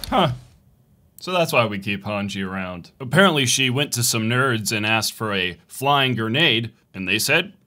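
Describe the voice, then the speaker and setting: A man narrating a comedic recap with sarcastic, crude humor and deadpan asides. His voice is bright and forward, and his pitch swings animatedly through each line. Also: normal speed, faint music behind. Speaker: video narrator.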